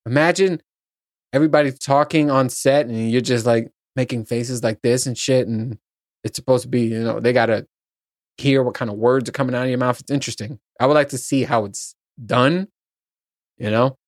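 A man hosts a podcast alone in a loose, rambling chat, and he swears as he goes. His voice sits at an ordinary middle pitch, and the sound is close and dry with no room echo. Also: steady tone, moderate pace. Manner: rambling, profane, laughs at his own points. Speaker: podcast host. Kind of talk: casual solo chat.

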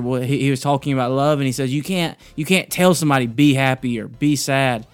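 A man hosts a casual devotional talk, halting and restarting often as he tells a joke and then talks through scripture. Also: medium pitch, clear, resonant tone, no echo. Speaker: podcast host.

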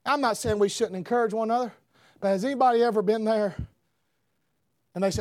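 Preacher, male, very high voice, dry close sound, shouts then hushes. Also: quick pace, long pauses, dry recording. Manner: builds to shouting emphasis, swings between loud and hushed. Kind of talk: revival sermon.

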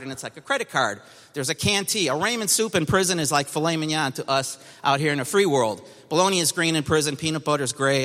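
Man, fairly high voice, bright and forceful, emphatic storyteller, church testimony, reverberant hall. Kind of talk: personal testimony to a congregation.

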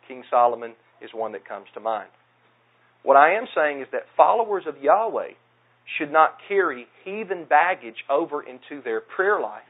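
Earnest Southern preacher, tinny sound. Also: male voice, medium pitch. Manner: earnest, plain-spoken, self-deprecating. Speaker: pastor. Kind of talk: sermon.

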